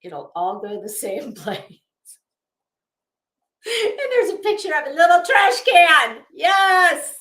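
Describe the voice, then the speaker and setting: A woman's voice: very high-pitched, sing-song, takes it slowly, pauses often, sharp tone, reverberant. A tired, worn-out woman hosting a livestream in casual chat, reading comments and rambling with trailing thoughts. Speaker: livestream host.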